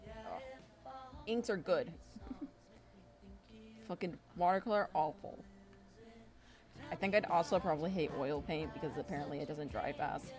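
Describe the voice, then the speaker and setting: A woman with a lowish, darkish voice streams while drawing, speaking at a measured pace with long pauses. Her casual chat turns into swear-filled rants and acted-out imagined arguments, with music behind her.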